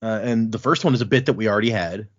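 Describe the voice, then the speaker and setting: A man's voice: on the low side, fast. A man co-hosting a podcast, chatting casually about a book, laughing often and retelling scenes. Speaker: podcast co-host. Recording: dull lo-fi audio.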